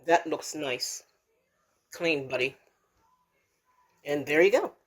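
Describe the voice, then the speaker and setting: A woman's voice: deep voice, expressive, slow pace. Chatty woman host of a home cooking vlog. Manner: chatty and rambling, with restarts, calls viewers folks. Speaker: channel host. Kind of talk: casual home cooking demo. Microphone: handheld camera.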